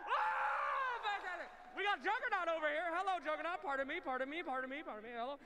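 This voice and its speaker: A man roaming through an arena crowd, interviewing fans with shouting, playful hype. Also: very high voice, racing. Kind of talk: live event crowd interviews. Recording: loud crowd behind.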